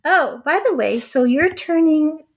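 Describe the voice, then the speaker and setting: A woman's voice: high-pitched, animated, a little slow, lo-fi sound. Chatty woman astrologer, filler-heavy. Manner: chatty, heavy use of "like", giggly. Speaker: astrologer guest. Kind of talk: casual chat.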